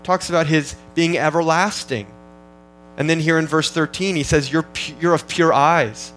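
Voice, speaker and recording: A man's voice: on the high side, fairly even intonation, moderate pace, fairly bright tone, soft background music, low-quality recording. A man preaching an expository sermon in an earnest, teaching manner, often restarting phrases as he works through the text. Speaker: pastor.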